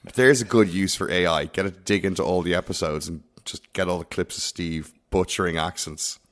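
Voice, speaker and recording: Low-voiced co-host teasing his colleague. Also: brisk. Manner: dry, teasing humor. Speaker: podcast co-host. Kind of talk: golf betting podcast chat.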